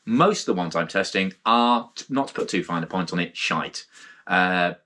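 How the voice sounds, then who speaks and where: A man's voice: low-pitched, animated, fairly quick, bright, forceful tone. A man with a British accent hosting a casual spoken gear review, frank and rambling, with blunt asides and frequent restarts. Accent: British English. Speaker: mountain bike gear reviewer, channel host.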